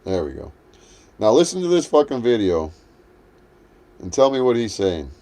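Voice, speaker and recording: A man's voice: fairly low pitch, wildly swooping pitch, moderate pace, mellow, a little hiss or hum. A man hosting a livestream, ranting in a heated, profane, combative way. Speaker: livestream host. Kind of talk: livestream rant.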